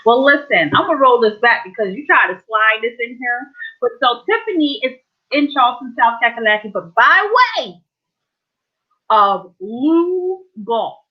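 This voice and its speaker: A woman, hosting a playful, animated casual chat. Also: on the high side, moderate pace. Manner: animated, playful, Southern colloquial speech. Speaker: host. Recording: dull lo-fi audio.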